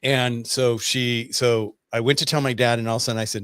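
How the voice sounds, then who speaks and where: A man's voice: mid-range voice, flat delivery, a little fast, fairly bright tone, clean tone, dry recording. Male storyteller, casual and rambling, many restarts, dry close sound.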